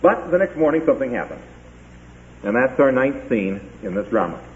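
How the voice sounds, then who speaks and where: A man preaching a sermon, retelling a Bible story in an animated way and briefly acting out the characters' lines. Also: medium pitch, moderate pace, a little hiss or hum. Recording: tinny phone-like sound.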